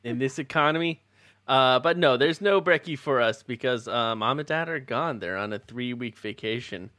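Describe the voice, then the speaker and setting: A man leading a casual group reading of a gamebook, laughing often and pausing with fillers as he reads. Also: medium pitch, bright, forceful tone, no echo, clean studio sound. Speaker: reader leading the group through the story.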